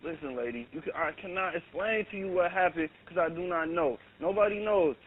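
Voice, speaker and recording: A shaken man speaks urgently in a fairly high voice, insisting and repeating himself. He comes through a tinny phone line with a faint hiss behind him. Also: a little fast. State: shaken, upset. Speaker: caller.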